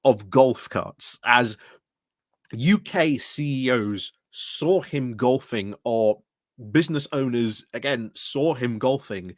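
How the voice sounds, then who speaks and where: A man's voice: medium pitch, slow pace, no echo, studio quality. Rambling man commentating. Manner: rambling, many fillers and restarts. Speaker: political commentary channel host. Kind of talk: casual explanatory commentary.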